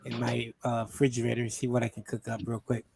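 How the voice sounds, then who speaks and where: A woman's voice: very deep voice, fast talker, creaky, a crowd in the background. A woman chatting playfully as a guest on a casual podcast. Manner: playful, joking, lively. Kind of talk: casual chat.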